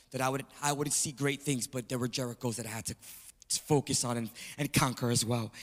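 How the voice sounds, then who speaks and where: A man preaching a sermon, telling a story with animated energy and calling out to the congregation. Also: medium pitch. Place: church sanctuary. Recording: long reverb of a large hall.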